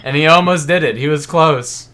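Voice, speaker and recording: A man's voice: on the high side, moderate pace, a bit bright. A young man in a casual podcast chat, teasing his friends and laughing often. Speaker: podcast co-host.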